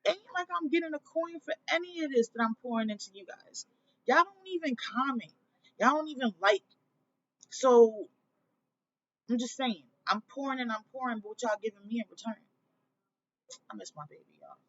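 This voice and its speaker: A woman's voice: a little high, moderate pace, pauses often, a bit bright, muffled recording. A woman who works as a parenting life coach, chatting casually on her vlog. She is blunt and swears freely, and she talks straight to her viewers.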